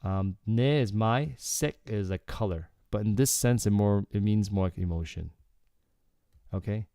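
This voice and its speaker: A man with a low, mellow voice walks through a song's lyrics as a casual Korean lesson. His tone is smooth and clear, and he keeps checking in with learners as he explains. The sound is close and dry. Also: normal speed, no room sound. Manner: relaxed, explanatory, frequent "okay" and "like". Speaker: Korean language teacher.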